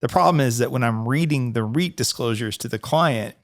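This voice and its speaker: A man hosting a casual podcast as a financial advisor. He talks in a relaxed, conversational way, often laughs and restarts his sentences. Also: medium pitch, a little fast.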